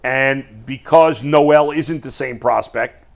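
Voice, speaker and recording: A man hosting a casual sports talk show, animated and quick to restart his phrases. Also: mid-range voice, gravelly.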